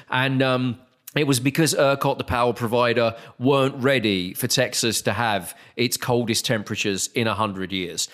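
A man hosting a casual podcast chat, ranting with exasperation and climbing higher when he gets worked up. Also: fairly bright tone. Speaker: podcast host.

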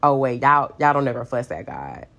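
Low-voiced woman giving a chatty devotional. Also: sing-song, moderate pace, vocal fry, a bit bright. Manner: chatty and playful, many fillers, acts out voices. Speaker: Bible teacher. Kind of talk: casual devotional teaching.

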